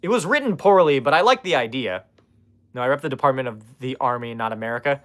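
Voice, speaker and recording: A man's voice: medium pitch, lively intonation, fast, a bit bright. A man streaming from his room in casual chat, sarcastically roasting viewers and swearing freely.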